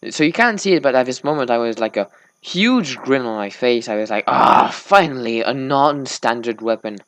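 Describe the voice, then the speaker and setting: A drowsy man chats his way through a gameplay session, his words a little slurred as he drifts into small talk. His voice sits at an ordinary middle pitch, and the sound is close and dry. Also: sing-song, brisk, dry recording. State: sleepy. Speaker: gaming let's-play host. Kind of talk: casual gameplay commentary.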